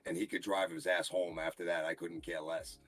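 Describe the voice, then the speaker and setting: A blunt, brash Boston man in his forties, a wrestling referee, chats casually as a guest on a podcast. His voice is low with a flat delivery, brisk and a bit bright, and soft music plays in the background.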